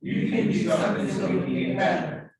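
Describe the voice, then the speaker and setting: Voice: brisk, crowd noise. A congregation in church, repeating the pastor's lines back in unison. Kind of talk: congregational response. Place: church sanctuary. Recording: echoey church hall, far from the mic, with room noise.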